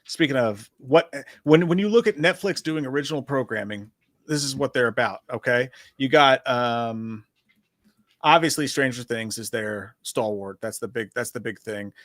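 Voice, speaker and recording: A man co-hosting a casual livestream discussion, talking in an animated, profane, rambling way as he reads through a list. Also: medium pitch, moderate pace, dry recording, clean studio sound. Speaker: podcast co-host.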